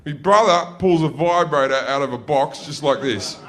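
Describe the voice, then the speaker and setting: An Australian stand-up comedian spinning rude childhood stories on stage. His voice sits a little high for a man, and he tells it loose and profane, with sudden yelled bits where he plays his family. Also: moderate pace. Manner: profane, loose, jumps into loud yelled impressions. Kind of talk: stand-up storytelling. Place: stage before a laughing audience.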